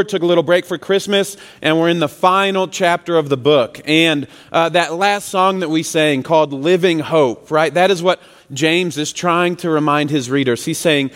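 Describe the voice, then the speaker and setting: A man's voice: a little high, big-room sound. A man serving as student pastor, preaching a sermon in a casual, joking, conversational way. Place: church sanctuary.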